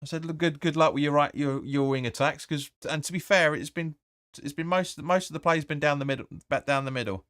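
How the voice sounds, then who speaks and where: Blunt, sweary football fan host. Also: male voice, a little high, a little fast, few pauses, a bit bright, dry recording, studio quality. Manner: blunt and opinionated, swears, reads viewer comments aloud. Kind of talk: live match watch-along commentary.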